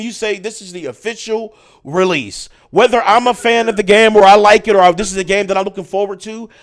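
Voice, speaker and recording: High-voiced man who stammers into his points. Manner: stammering restarts, repeats his lead-in. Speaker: podcast co-host. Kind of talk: casual heated chat.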